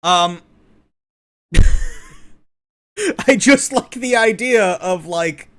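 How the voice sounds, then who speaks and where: A man's voice: high-pitched, extremely slow, fairly bright tone. A man giving opinionated, sarcastic reaction commentary, ranting with plenty of profanity. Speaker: online commentator.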